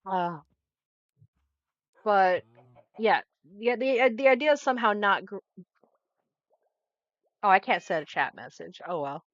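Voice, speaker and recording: A woman's voice: mid-range voice, expressive, unhurried, pauses often, no room sound, dull audio. A young woman talking casually while she plays a game, rambling, getting distracted and restarting her thoughts. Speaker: gaming streamer. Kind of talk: casual commentary while playing.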